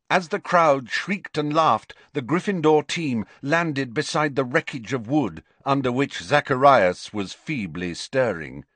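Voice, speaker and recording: A man narrating an audiobook with an animated, dramatic reading. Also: medium pitch, dry recording. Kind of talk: scripted narration.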